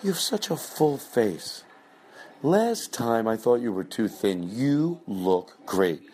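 A man voicing a gushing party host who fusses over guests with sugary, backhanded compliments in a high sing-song. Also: big pitch swings, takes it slowly, background noise.

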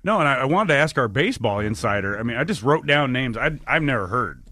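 A man's voice: mid-range voice, big pitch swings, fast talker, pushed and bright, no room sound, clean studio sound. A man hosting a casual talk show, chatty and leading the topics, laughing often. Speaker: radio host. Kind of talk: casual chat.

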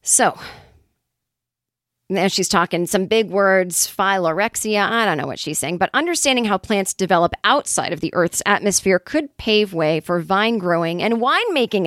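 A woman's voice: mid-range voice, fairly bright tone, dry recording, studio quality. A woman hosting a comedy podcast, reading news items and breaking off into wry, sarcastic asides. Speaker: podcast host. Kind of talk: casual comedic news chat.

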